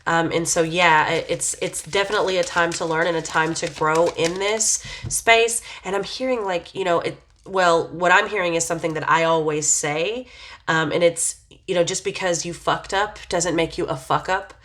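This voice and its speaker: A woman with a somewhat low voice talks through a tarot reading in a relaxed, casual way. She meanders and hesitates, leaning on fillers as she muses aloud about what she senses. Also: normal speed, a little hiss or hum. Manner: reflective, intuitive musing. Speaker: tarot reader.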